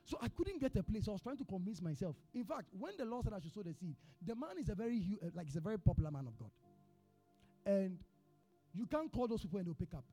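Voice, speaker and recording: Faint music hums under a Ghanaian pastor as he gives a sermon in Ghanaian English, talking fast. His high voice is very expressive, lifting and dipping along with his tale, and he swings from a near hush to sudden loud outbursts like an animated storyteller.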